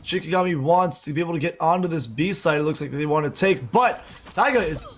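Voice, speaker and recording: High-voiced guy casting an esports match live, gets hyped fast, lots of oh boy and laughs. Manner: excitable, laughs often, quick exclamations. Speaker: esports play-by-play caster. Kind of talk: live play-by-play commentary.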